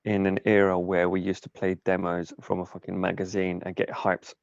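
A man's voice: low voice, completely flat delivery, moderate pace, creaky, dry recording. A man co-hosting a casual podcast chat, ranting and exasperated, swearing often. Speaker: podcast co-host. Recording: dull lo-fi sound, dry.

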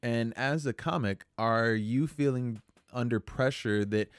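A man's voice: medium pitch, a little slow, clear, resonant tone, no echo, clean studio sound. A man hosting a podcast, asking questions in a hesitant, filler-heavy way. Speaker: podcast host. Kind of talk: casual podcast chat.

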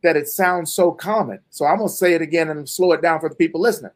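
A fairly high-voiced man hosts a livestreamed interview. He speaks emphatically, repeats his points and stretches out key words like a preacher driving a message home. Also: quick pace. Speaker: host.

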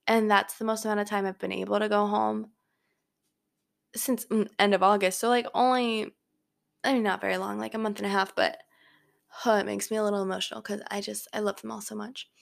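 Young woman chattering with a gravelly fry. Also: mid-range voice, little pitch movement, brisk. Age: young adult. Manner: rambling, filler-heavy chatter. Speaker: podcast host. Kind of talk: casual solo podcast chat. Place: her bedroom at home. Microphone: home microphone.

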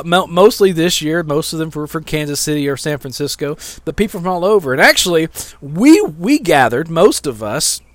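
Brief: middle-aged male pastor, slightly high voice, casual sermon delivery that swells on key points. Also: no room sound. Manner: conversational preaching with fillers and repeated lines.

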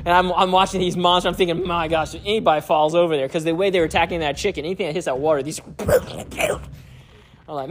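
A man's voice: on the high side, fast talker. A man preaching through a personal story, chuckling often as he talks. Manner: chuckles often while telling stories. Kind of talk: storytelling sermon.

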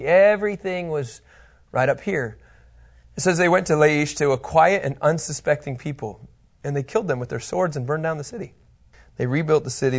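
A man teaching a Bible lesson in a casual, joking way, laughing often. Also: on the high side.

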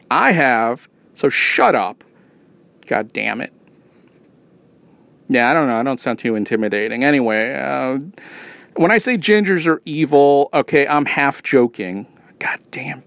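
A man's voice: fairly high pitch, creaky, fairly bright tone, dry recording. A man ranting casually in a rambling, profane and sarcastic way. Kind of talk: casual rant.

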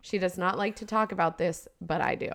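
Brief: woman co-host, lowish voice, frank and laughing, reads a story aloud between chat. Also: steady tone, a little fast, gravelly. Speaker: podcast co-host.

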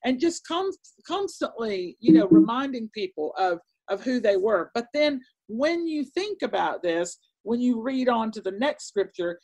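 A woman teaching a Bible lesson in an earnest, excitable sermon style, with many fillers and restarts. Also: fairly high pitch, moderate pace, few pauses. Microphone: presentation with on-screen slides.

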